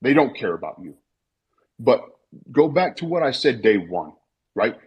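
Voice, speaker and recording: A man's voice: medium pitch, sing-song, moderate pace, husky, lo-fi sound. A man in his late thirties speaking on a live audio stream, telling a personal story bluntly, swearing and repeating himself. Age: 30s. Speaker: Twitter Spaces speaker. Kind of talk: emotional personal talk. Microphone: online voice call.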